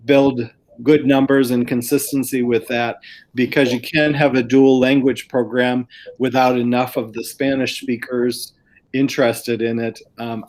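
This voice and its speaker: A man's voice: medium pitch, darkish tone. A man who works as a school district administrator, explaining plans to a planning group in an earnest, explanatory way over a video call.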